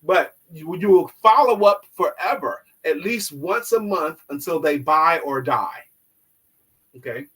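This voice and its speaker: Guy sales coach on a live show, kinda high husky voice, emphatic and instructive. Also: animated, a bit bright, poor audio. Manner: instructive, emphatic, drops into slow low demonstrations.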